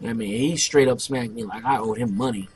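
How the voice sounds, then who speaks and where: A young man narrating his online game play, telling a loud, profane story about a fight. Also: mid-range voice, fairly even intonation, a little fast, crowd noise. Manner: brash, profane, boastful storyteller. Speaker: gameplay commentator. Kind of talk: casual let's play storytelling.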